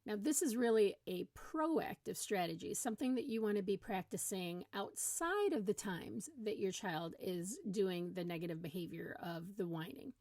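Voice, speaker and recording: A woman parenting coach explaining strategies step by step in a calm, encouraging way. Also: medium pitch, normal speed, few pauses, no echo. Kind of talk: instructional talk to camera.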